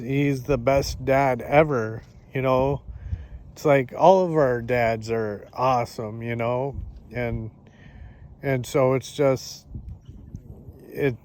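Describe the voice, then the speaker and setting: A man talking to the camera in a casual, halting way, with many fillers and restarts, outdoors in the countryside. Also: mid-range voice, darkish tone. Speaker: vlogger. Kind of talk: casual spoken reflection.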